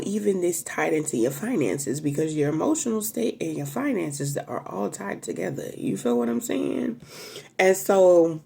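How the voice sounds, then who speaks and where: A woman's voice: lowish voice, gravelly, mellow, breathy edge. A woman giving a casual, emotional tarot reading straight to her viewers, chatting freely and swearing now and then. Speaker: tarot reader.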